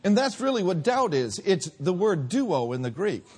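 A man preaching a sermon, swinging between loud drawn-out peaks and quiet low lines. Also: very animated, breathy edge.

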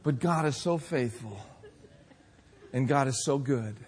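A man in his sixties preaching a sermon, telling folksy personal stories with humor and lively emphasis. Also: mid-range voice, unhurried. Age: 60s. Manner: folksy storytelling, animated with laughs. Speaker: pastor.

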